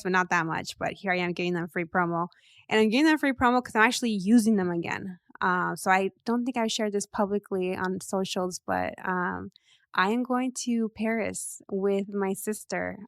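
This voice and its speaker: A woman's voice: mid-range voice, dry recording, clean studio sound. A woman in her thirties hosting a podcast in a casual, rambling way, laughing often. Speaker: podcast host.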